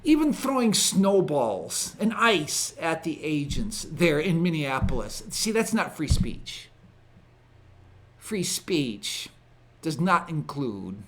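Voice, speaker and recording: Man, ministry host, solo commentary monologue, slow deliberate pace, slightly high voice, emphatic phrasing. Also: very animated, fairly bright tone.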